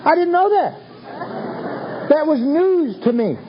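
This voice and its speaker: High-voiced man, wry folksy storyteller. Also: sing-song, slow pace, crowd noise, noisy background. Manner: wry, self-mocking, folksy. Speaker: recovery meeting speaker. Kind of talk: humorous storytelling talk. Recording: dull lo-fi recording with faint ambience.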